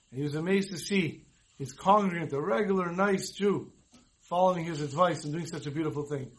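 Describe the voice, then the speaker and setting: A man's voice: fairly high pitch, poor audio. A man giving an earnest sermon full of stories, acting out the dialogue as he goes. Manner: earnest, storytelling, acts out dialogue. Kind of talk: sermon with storytelling.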